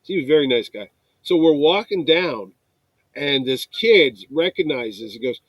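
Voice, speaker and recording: A man's voice: mid-range voice, normal speed, no echo, poor audio. A man in his fifties from New York, a convention producer telling stories in casual chat and acting out the voices of the people he quotes. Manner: animated storyteller, acts out quoted voices.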